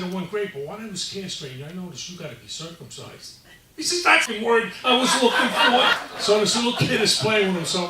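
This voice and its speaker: A man telling a string of jokes, slipping into quick put-on voices for the punchlines. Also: on the high side, echoey room, far from the mic, low-quality recording. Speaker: comedian. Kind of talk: stand-up joke telling.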